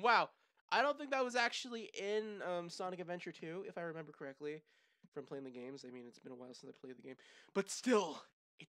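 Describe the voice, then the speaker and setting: A young gaming channel host reacting to a movie trailer, hyper and loud, shouting and laughing. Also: mid-range voice, no echo, clean studio sound. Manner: hyper, shouts and laughs, lots of "bro" and "oh my gosh".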